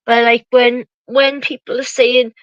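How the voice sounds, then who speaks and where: A woman's voice: a little high, little pitch movement, unhurried, no room sound, muffled recording. A woman hosting a casual live chat panel, talking bluntly with lots of restarts and swearing.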